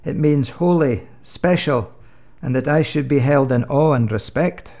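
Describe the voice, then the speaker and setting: A man doing God, patient and fatherly. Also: fairly high pitch. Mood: teasing. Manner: dry, gently joking, unhurried. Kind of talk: comic sketch.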